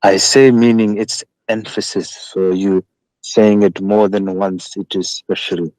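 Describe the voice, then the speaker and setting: A man's voice: lowish voice, fairly even intonation, measured pace, a little mellow, no echo, poor audio. A man calling into a debate show, answering hesitantly and mildly. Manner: hesitant, mild replies. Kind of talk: live call-in debate.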